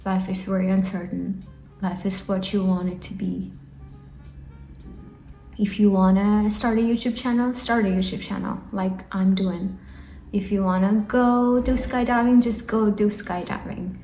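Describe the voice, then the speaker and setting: Slow, earnest woman vlogger in an echoey room. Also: mid-range voice, fairly even intonation, dark tone. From India. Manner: earnest, encouraging, rambling with fillers. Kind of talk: casual talking-head vlog. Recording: echoey room, faint music.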